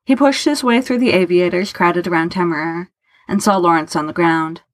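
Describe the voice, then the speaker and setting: A woman reading a story aloud in a steady, measured narration. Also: on the low side, no room sound. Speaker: audiobook narrator.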